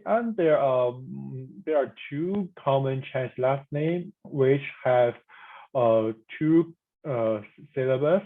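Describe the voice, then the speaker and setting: A language instructor giving a recorded pronunciation lesson, sounding out each syllable slowly and repeating it, with reassuring asides to learners. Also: medium pitch. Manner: slow, deliberate, spells out each syllable and repeats it; reassuring, informal teacher asides. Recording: tinny phone-like audio.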